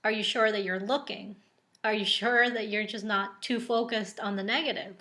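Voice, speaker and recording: A woman giving an oracle card reading in a relaxed, chatty way, with many ums and likes. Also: medium pitch. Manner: slow and unhurried. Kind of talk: casual spoken card reading.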